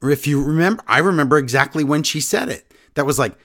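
A man co-hosting a wrestling podcast in casual chat, animated and rattling off news in quick bursts. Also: a little high. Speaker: podcast co-host.

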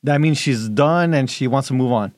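A man co-hosting a podcast in casual chat, playful and quick to laugh. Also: medium pitch, dry recording. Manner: laughs often, playful and animated. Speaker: podcast co-host.

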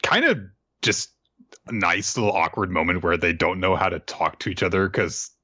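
A man casually recapping an anime episode as a podcast co-host, rambling with fillers and quick asides. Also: deep voice, bright, forceful tone, husky, dry recording, highs cut off. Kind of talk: casual chat.

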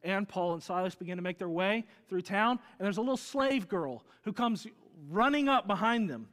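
A man preaches to his congregation. He tells stories with animated energy, swinging from loud to hushed. The sound is from a church hall with a long reverb. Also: high-pitched, normal speed. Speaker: pastor. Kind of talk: sermon. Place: church sanctuary.

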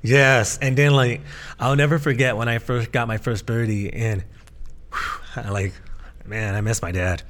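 A man's voice: mid-range voice, fairly even intonation, moderate pace, fairly bright tone. A man, a podcast co-host and pastor, telling his life story in casual conversation, earnest and full of restarts. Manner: earnest, with frequent restarts and fillers.

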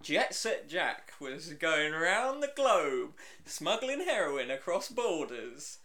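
A man's voice: on the high side, very animated, slow pace, pushed and bright. A man co-hosting a podcast, teasing his co-host and laughing often in casual banter.

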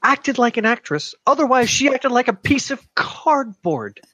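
High, blunt man mocking a movie. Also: sing-song, normal speed, sharp tone, slightly rough, no echo. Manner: blunt, sarcastic. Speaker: podcast panelist. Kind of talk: casual movie review chat.

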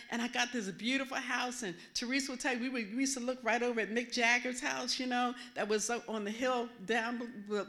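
Bright-voiced woman minister telling her story. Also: a little high. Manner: animated storytelling with asides. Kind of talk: testimony sermon.

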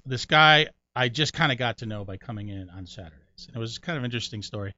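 A middle-aged man from Connecticut, a comedian guest in an interview, telling animated stories and jumping high when he acts out other people. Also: fast, no room sound. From Connecticut, USA. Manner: animated storyteller, jumps high doing other people's voices. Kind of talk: storytelling interview. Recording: dry, muffled sound.

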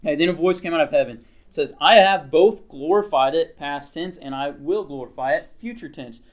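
Man teaching a Bible lesson. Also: a little high. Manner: conversational, checks in with frequent "okay?"; reads scripture aloud slowly, then explains. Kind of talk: Bible lesson to a small group.

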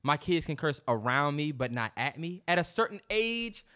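A man co-hosting a podcast with casual, slangy banter. His voice is high and moves a lot in pitch, and he teases his co-host in a relaxed, easy way. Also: moderate pace, clean tone. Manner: teasing, laid-back, slangy. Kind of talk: casual chat.

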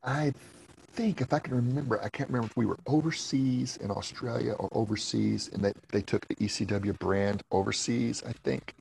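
A former wrestler telling rambling stories in a casual interview, laughing often and swearing freely. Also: male voice, mid-range voice, moderate pace, gravelly, a little mellow, a little hiss or hum, rough recording.

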